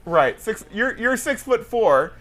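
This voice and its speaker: A man with a high, bright, forceful voice, joking his way through a casual chat. He teases his co-host and keeps the questions coming. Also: very animated, slow pace. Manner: teasing, jokey interviewer.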